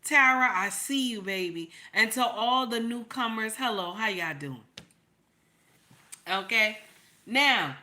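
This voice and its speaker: Bright-voiced emphatic woman host. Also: a little high, lively intonation, slow. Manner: emphatic, repeats points, greets chat by name. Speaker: channel host. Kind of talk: casual commentary livestream.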